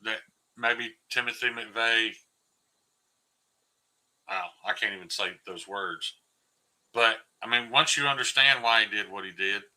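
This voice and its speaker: A man, a podcast guest joking in casual chat with deadpan irony. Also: on the low side, measured pace, long pauses, poor audio.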